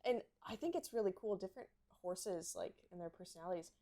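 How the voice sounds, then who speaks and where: A woman co-hosts a casual podcast chat about horses. Her voice sits a little on the low side. She tells personal stories in a heartfelt, openly emotional way. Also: a little fast, warm tone. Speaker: podcast co-host.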